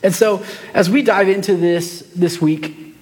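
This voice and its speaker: A pastor, preaching a sermon in a relaxed, conversational way, telling a family story with lots of fillers and restarts. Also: male voice, high-pitched, a little slow, long reverb tail.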